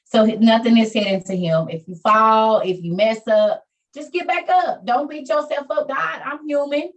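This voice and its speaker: Woman host, casual faith talk, video call, high-ish voice, distant from mic. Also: lively intonation, moderate pace, highs cut off. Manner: chatty, addresses listeners as y'all, preachy about faith. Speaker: online meeting host. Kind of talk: casual chat and encouragement to listeners.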